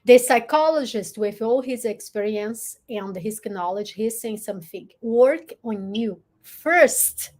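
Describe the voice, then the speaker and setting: A woman hosting a live stream, giving earnest, encouraging relationship advice in a deliberate way. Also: fairly high pitch, expressive, darkish tone. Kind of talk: motivational live talk.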